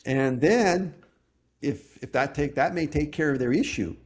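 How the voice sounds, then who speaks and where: A man hosting a podcast interview, explaining tax resolution in a measured way with frequent restarts. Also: fairly high pitch.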